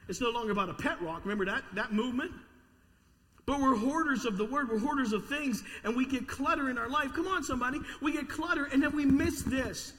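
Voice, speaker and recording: A man preaching a sermon to a congregation in a church, energetic with call-and-response. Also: extremely high pitch, a little fast, big-room sound. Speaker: pastor. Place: church sanctuary.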